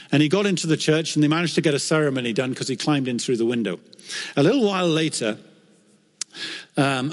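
A man preaching a sermon as a pastor, telling stories in an earnest, animated way that lifts when he quotes scripture. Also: a little high. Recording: long hall reverb.

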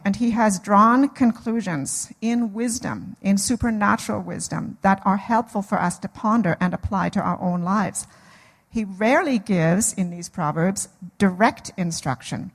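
A woman's voice: mid-range voice, husky. Woman teaching in a reverberant church hall. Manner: earnest, conversational with frequent restarts. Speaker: Bible teacher.

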